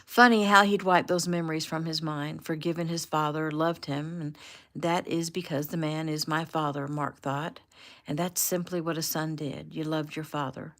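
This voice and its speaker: A woman's voice: low voice, fairly even intonation, moderate pace, a bit bright. A woman, the author, casually reading aloud a chapter of her own novel, giving the dialogue small shifts of voice. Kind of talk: casual audiobook narration with dialogue. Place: home room.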